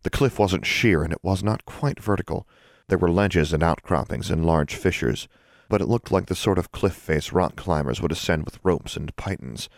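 A man narrating an audiobook in a steady, even storytelling voice. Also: low-pitched, moderate pace, creaky, no echo, clean studio sound.

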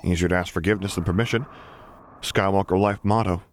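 A man's voice: low voice, steady tone, a little hiss or hum, lightly acted. Skywalker, a man doing a cocky young rebel. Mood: wry. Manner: quick, wisecracking, casual. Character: cocky wry young adult male rebel son.

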